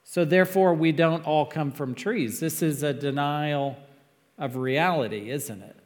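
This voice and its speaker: A man preaching a sermon as pastor, earnest and emphatic, with sudden loud peaks. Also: fairly high pitch, a little slow, in a large hall.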